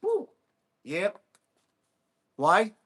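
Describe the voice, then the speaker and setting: High-voiced whooping livestreamer man. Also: very slow, slightly rough. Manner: energetic, whooping, talking to chat between hits; blunt and combative toward trolls. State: exerting himself while hitting a ball. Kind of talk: casual livestream chat while training.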